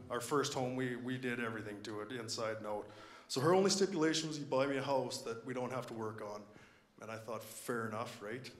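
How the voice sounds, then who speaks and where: A man's voice: medium pitch, slight background noise. Man, late 20s, from Canada, church testimony, candid and plain-spoken, mid-range voice, echoey sanctuary. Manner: candid, plain-spoken storytelling with self-deprecating humor. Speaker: church member giving testimony.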